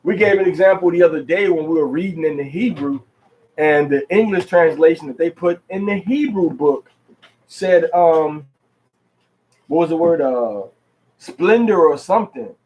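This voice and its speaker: A man giving an informal religious lesson on Hebrew pronunciation, pausing often with fillers and repeating words as he thinks. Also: on the high side, lively intonation, highs cut off. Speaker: religious teacher.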